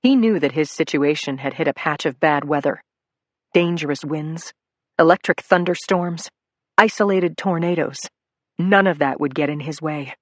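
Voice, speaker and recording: An audiobook narrator telling a crime story in a measured, dramatic way on a close studio microphone. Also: mid-range voice, no room sound.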